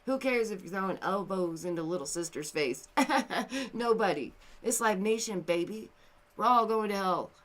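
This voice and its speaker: A woman's voice: medium pitch, normal speed. Exasperated woman commentating. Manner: animated, exasperated, swings between loud outbursts and quiet somber asides. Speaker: commentary video host. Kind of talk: casual commentary.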